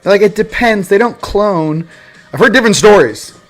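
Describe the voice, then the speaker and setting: A man hosting a spiritual livestream in casual chat, rambling and joking and swinging between loud bursts and quiet asides. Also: sits high, expressive, normal speed, soft background music.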